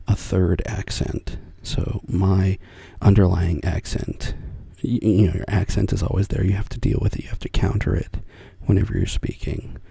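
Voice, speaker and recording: A man talking softly and at length in a soft-spoken ASMR chat, rambling and thoughtful. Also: sits low, gravelly, slightly rough, dry recording. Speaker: ASMR channel host. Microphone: close mic for headphone listening.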